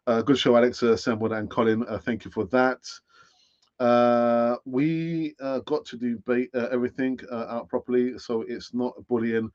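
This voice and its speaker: A man hosts a football fan live stream in a relaxed, rambling way, full of fillers and restarts. His voice sits in a middle pitch. The sound is somewhat dull and lo-fi. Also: normal speed. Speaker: football channel host. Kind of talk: casual live-stream chat.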